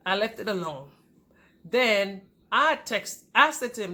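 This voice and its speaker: A woman's voice: mid-range voice, expressive, unhurried, bright, forceful tone. A woman vlogger telling a personal relationship story straight to her viewers, with emphasis.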